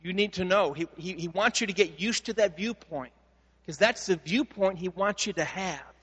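A man preaching a sermon as pastor, telling stories in a conversational way with frequent restarts, then building to slow, emphatic declarations. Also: high voice, a bit bright, breathy edge. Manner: conversational storytelling with repeated word restarts. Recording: long hall reverb.

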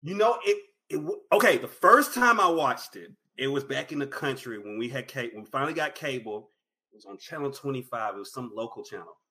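A man's voice: medium pitch, fairly quick. A man guest on a podcast, an anime blogger from Texas, talking with enthusiasm in casual chat. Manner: enthusiastic, animated, fond of doing voices.

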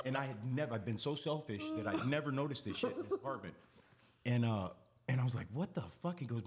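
A man's voice: medium pitch, very animated, quick pace, a little mellow. A man telling stories as a guest on a casual podcast, rambling and repeating words, blunt and profane, often laughing as he talks. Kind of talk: casual podcast chat, storytelling.

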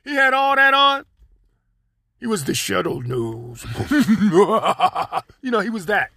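A man's voice: high-pitched, sing-song, slow pace, vocal fry, pushed and bright, dry recording, studio quality. A man hosting his own podcast, rambling and joking in loose slang straight to his listeners. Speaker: podcast host. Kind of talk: casual solo monologue.

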